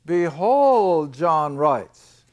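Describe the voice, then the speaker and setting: Slow, high-voiced older man teaching scripture. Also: very animated. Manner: emphatic, asks the class questions and answers them himself; reads scripture slowly, then explains it. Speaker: Bible teacher. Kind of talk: Bible lesson to a class.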